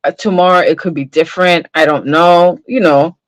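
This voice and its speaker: A woman's voice: lowish voice, steady tone, moderate pace, no room sound. A woman hosting a casual livestream, chatting about online drama, tagging lines with "right?" and greeting viewers. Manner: greets chat viewers mid-story. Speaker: livestream gossip host.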